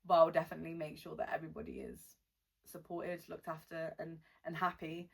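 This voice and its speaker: A woman's voice: deep voice, level tone, vocal fry, breathy edge. Young British woman vlogger, mixed Welsh and Midlands accent, blunt, slangy chat to camera. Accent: mixed British, Welsh-born with West Midlands and London touches. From born in Wales, lives in the West Midlands. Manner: chatty, blunt, slangy, reads questions aloud slowly. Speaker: rapper answering fan questions. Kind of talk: casual Q&A vlog.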